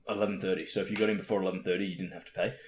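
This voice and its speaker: A man's voice: low voice, fairly even intonation, racing, a crowd in the background. A young man co-hosting a podcast, telling stories in casual chat, laughing often, swearing and acting out the other people in his stories. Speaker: podcast co-host. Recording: roomy echo with faint noise.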